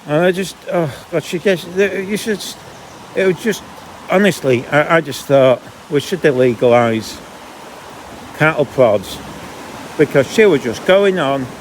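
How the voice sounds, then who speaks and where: A man's voice: a little high, slight background noise. A man chatting and grumbling as he walks dogs along a canal path outdoors, often breaking off mid-sentence. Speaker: vlogger. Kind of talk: casual walking vlog monologue.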